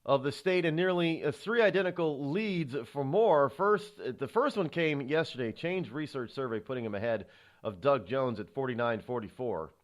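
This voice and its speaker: Man with a lively, halting delivery. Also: medium pitch. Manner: halting, many restarts and sighs. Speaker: talk show host. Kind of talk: political talk commentary.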